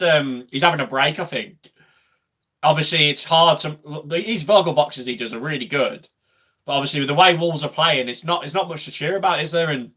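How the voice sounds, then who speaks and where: Bright-voiced lad on a match watch-along. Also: male voice, fairly high pitch. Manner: chatty, swings to loud shouting at goals. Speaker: football watch-along streamer.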